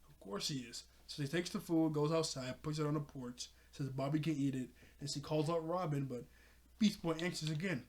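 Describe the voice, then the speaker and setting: A man casually recapping a cartoon episode, excitable and laughing often as he talks to his viewers. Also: on the high side, fairly quick. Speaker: cartoon reviewer.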